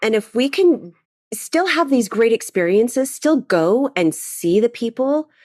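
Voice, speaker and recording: A woman speaking as a podcast guest in casual conversation, earnest and expressive. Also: a little high, unhurried. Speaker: podcast guest, charity executive.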